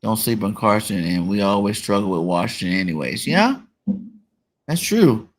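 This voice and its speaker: A man hosting a casual sports talk show, relaxed and full of "you know" fillers. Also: fairly low pitch, normal speed. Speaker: podcast host.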